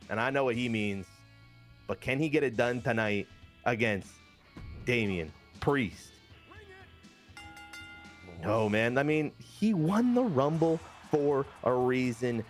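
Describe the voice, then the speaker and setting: A man telling the story of a wrestling video game in casual, animated commentary with crude jokes. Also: medium pitch, slow, long pauses, soft background music.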